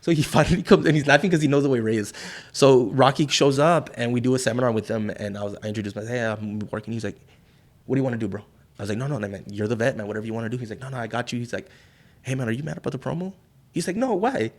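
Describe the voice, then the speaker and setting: A middle-aged man from South Texas sits as a guest and tells his stories loosely. He swears freely, shifts into the voices of the people he quotes, and keeps his everyday voice at a medium pitch. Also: very fast. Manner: profane, animated, acts out quoted voices. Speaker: wrestler and guest. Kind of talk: casual storytelling interview.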